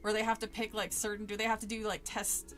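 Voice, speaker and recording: A woman's voice: mid-range voice, monotone, quick pace, a bit bright, soft background music. A woman streamer reading a spooky book aloud with casual asides to chat, laughing often and swearing freely.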